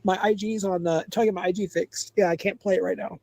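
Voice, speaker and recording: A man's voice: sits high, fairly even intonation, quick pace, vocal fry, a little mellow, no echo, poor audio. A man hosting a livestream, chatting casually, gossipy and mocking, repeating himself. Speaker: livestream host.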